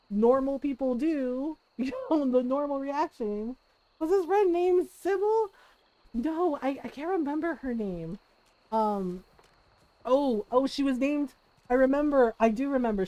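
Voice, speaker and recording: Woman streamer, casual storyteller, high-ish mellow voice, laughs a lot, faint music underneath. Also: poor audio. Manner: animated, laughs often, acts out quoted voices.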